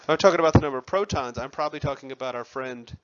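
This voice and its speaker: Bright-voiced man teaching chemistry. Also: mid-range voice, racing, clean tone, lo-fi sound. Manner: conversational, asks students questions, self-deprecating asides. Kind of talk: classroom lecture.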